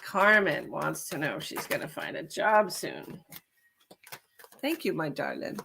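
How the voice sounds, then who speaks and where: Woman, tarot reader, live stream, bright clear tone, chatty with endearments. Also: deep voice, huge pitch swings, measured pace, slight background noise. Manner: chatty, calls viewers honey and darling.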